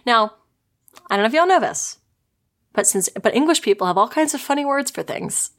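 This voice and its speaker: A woman's voice: a little high, animated, fairly quick, pauses often. A young woman hosting a podcast, telling stories in a chatty, giggly, digressive way. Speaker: podcast host. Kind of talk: casual podcast storytelling.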